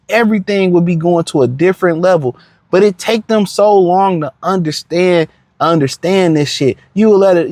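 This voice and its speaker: A man's voice: high voice, a little mellow, dry recording, clean studio sound. A man giving a blunt, profane reaction rant, full of slang, repeated words and fillers. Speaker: commentator reacting to a clip.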